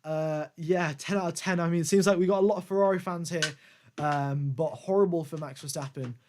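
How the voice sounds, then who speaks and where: A man's voice: fairly high pitch, steady tone, fairly quick, darkish tone, a little hiss or hum. Chatty man doing live race commentary. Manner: rambling and conversational, thanking viewers. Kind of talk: casual live-stream commentary.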